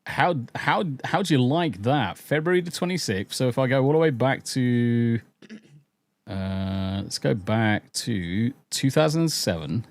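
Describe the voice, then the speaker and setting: A man's voice: medium pitch, expressive, unhurried. A man from the English Midlands hosting a podcast, his accent a blend of Southern, Northern, Midlands and Essex, chatting casually, swearing now and then and repeating his phrases. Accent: mixed English, part Southern, Northern, Midlands and Essex. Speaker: podcast host.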